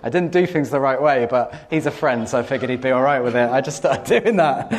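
A slightly fast man with a medium pitch and lively intonation gives an earnest teaching talk. He tells a personal story, doubles up words for emphasis, and breaks into laughter.

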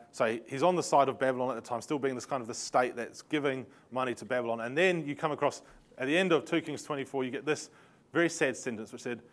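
A man teaching a Bible lesson with slides, telling the story in a lively way with laughing asides and sarcastic remarks. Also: mid-range voice.

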